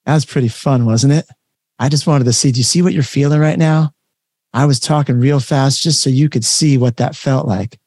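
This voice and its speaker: A man doing a calm, slow-talking coach. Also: mid-range voice, no echo, clean studio sound, close to an everyday voice. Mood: easygoing. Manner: unhurried, easygoing, reassuring.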